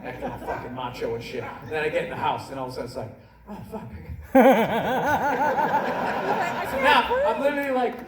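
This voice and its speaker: A man's voice: mid-range voice, very animated, fast talker, long pauses, very noisy. A middle-aged man doing a stand-up comedy routine, ranting and cursing with self-mocking storytelling. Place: large indoor comedy venue. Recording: distant echoey live hall, loud crowd. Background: roaring audience laughter.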